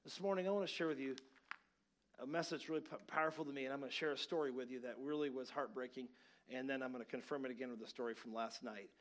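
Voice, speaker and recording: A man in his forties preaching a sermon, telling a personal story with lively swings between hushed and loud moments. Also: mid-range voice, fast talker, a little hiss or hum. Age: 40s. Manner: animated storytelling, acts out quarrels with sudden loud outbursts. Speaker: pastor.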